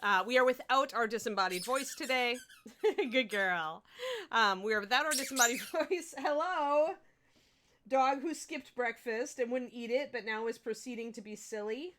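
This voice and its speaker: A woman's voice: fairly high pitch, brisk, few pauses, bright, forceful tone, slight background noise. A young woman hosting a casual livestream, chatty and laughing, a little sleepy after a broken night. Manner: chatty, laughing, talks to her dog between remarks. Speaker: host. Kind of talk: casual livestream chat while painting miniatures.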